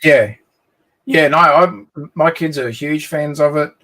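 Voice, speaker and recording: A man's voice: on the high side, slow pace, sharp tone, rough recording. An Australian man joining a livestream as a guest, chatting in a friendly way with many fillers and restarts. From Sydney, Australia. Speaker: guest co-builder. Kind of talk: casual chat.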